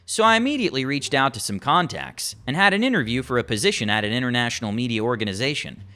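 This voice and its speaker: Bright, animated male narrator reading stories over soft music. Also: mid-range voice, fast talker. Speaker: story narrator. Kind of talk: reading online stories aloud.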